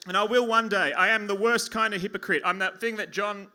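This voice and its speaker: A man's voice: sits high, brisk, bright, forceful tone. An Australian man doing a stand-up comedy set on a pub stage, rambling and self-mocking with lots of stammering restarts. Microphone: stage mic at a lectern.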